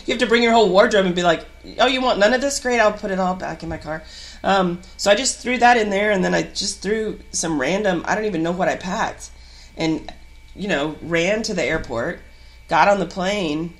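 A woman actor telling a story in a casual podcast chat, animated and laughing between bursts of excitement. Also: medium pitch, fairly quick. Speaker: guest actor.

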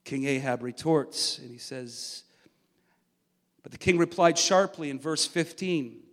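A man preaching a sermon and reading from the Bible, emphatic and swinging from loud to hushed. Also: fairly high pitch, normal speed, long reverb tail.

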